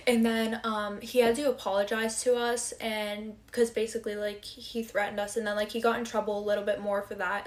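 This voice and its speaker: A young woman telling casual storytime tales to her followers, blunt and chatty, swearing freely. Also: mid-range voice. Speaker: storytime creator. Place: in bed at night.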